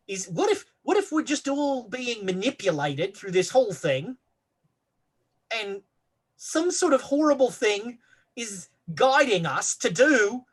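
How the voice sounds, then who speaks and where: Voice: medium pitch, fairly bright tone, husky, exaggerated voice. A woman voicing a cheerfully callous male occultist who talks in an airy, darkly flippant way during a tabletop horror game.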